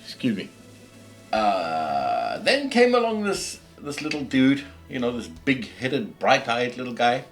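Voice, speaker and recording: A man's voice: mid-range voice, very animated, unhurried, fairly bright tone. A middle-aged man with a South African accent hosting a casual podcast, ranting passionately and preachily, with frequent restarts. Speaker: podcast host. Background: faint background music.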